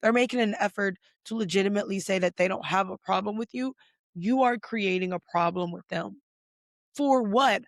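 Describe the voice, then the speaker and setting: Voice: medium pitch, fairly bright tone, no echo, clean studio sound. A podcast host doing a casual pop culture recap, ranting bluntly and profanely, with lots of "like" fillers. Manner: filler-heavy with many "like"s.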